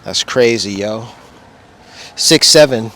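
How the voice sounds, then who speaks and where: A man's voice: on the low side, slow pace, a bit bright. Easygoing male vlogger who rambles in slang while talking to camera outside. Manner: rambling, laid-back slang. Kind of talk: casual vlog. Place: outdoors beside a wall display.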